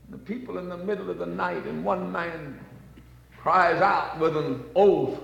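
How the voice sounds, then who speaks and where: A man preaching a sermon in church, fervent, climbing to near-shouts at his high points. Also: a little slow, creaky, echoey room, big-room sound, low-quality recording.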